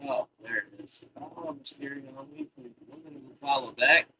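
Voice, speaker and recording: A man's voice: medium pitch, big pitch swings, moderate pace, creaky, lo-fi sound, slight background noise. A man in his thirties, a live streamer rambling in casual chat with heavy swearing and loose, restarting sentences. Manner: profane, rambling, talks to chat.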